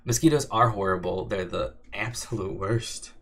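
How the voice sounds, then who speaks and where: A man's voice: deep voice, steady tone, moderate pace, creaky, a little hiss or hum. A young man from Arizona casually answering chat questions on his livestream, laid-back and rambling with lots of filler words. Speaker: audio drama creator hosting a live stream.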